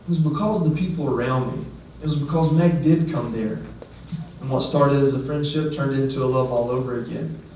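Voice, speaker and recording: A man's voice: medium pitch, a little fast, warm tone. Earnest man telling his story in an echoey hall. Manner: earnest, conversational storytelling with self-deprecating asides. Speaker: guest speaker. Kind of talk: personal story speech. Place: ceremony venue. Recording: echoey hall, distant mic, dull sound, faint background noise.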